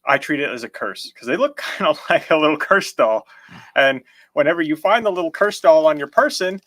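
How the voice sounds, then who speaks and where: A man's voice: on the high side, lively intonation, a little fast, a bit bright, no room sound. A man co-hosting a casual chat show about magic, who rambles, restarts his sentences and laughs easily. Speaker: podcast co-host.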